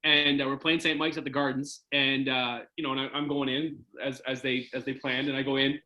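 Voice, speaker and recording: Bright-voiced Canadian man telling a story. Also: a little fast, reverberant, poor audio. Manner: animated, acts out quotes with jumps in pitch. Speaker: former hockey goaltender telling a story. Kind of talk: casual storytelling in an interview.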